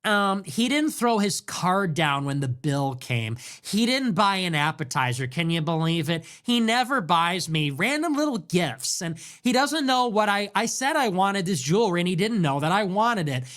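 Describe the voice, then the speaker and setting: A man's voice: sits high, sing-song, normal speed, hardly any pauses, fairly bright tone. A man mockingly voicing an entitled young woman who whines about the men she dates. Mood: whiny.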